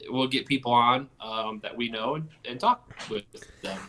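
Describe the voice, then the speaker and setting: Podcast co-host, male, bright and forward tone, rambling, profane, jokey. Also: medium pitch, moderate pace, slight background noise. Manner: rambling, swears freely, jokey. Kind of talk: casual chat.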